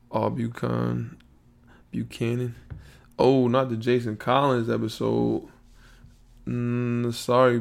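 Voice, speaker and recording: A man hosting his own podcast alone, rambling in a relaxed, slangy way and thinking out loud. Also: medium pitch, creaky. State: yawning, a bit sleepy. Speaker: podcast host. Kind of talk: casual solo podcast monologue.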